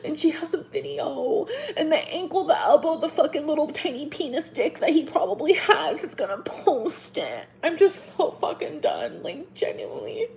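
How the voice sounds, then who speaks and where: A woman in her thirties ranting angrily in a vlog, profane and heated, swinging between loud outbursts and low mutters. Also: very animated, moderate pace, few pauses. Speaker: vlogger.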